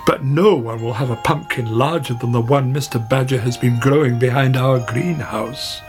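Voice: medium pitch, normal speed, faint music behind, close to an everyday voice. A narrator voicing a competitive female badger villager in a storybook, emphatic and boastful.

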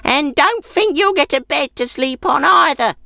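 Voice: sits high, expressive, normal speed, gravelly, bright, forceful tone, no echo, voice pushed up, exaggerated voice. A storyteller voicing a sour, grudging old woman who snorts and speaks ungraciously in a children's story.

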